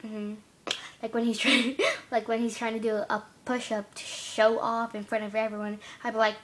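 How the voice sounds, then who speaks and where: A woman's voice: mid-range voice, little pitch movement, moderate pace, fairly bright tone, a little hiss or hum. A girl vlogging casually, rambling and giggling as she talks about her classmates. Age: young girl. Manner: chatty, giggly, rambling with restarts. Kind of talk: casual chat to camera.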